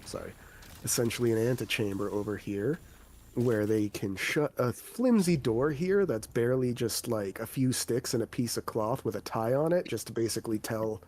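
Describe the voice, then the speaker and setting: A man's voice: medium pitch, normal speed, a little mellow. Male game master, casual, easygoing tabletop narration, slight noise in the background. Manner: loose, casual narration with fillers and swearing.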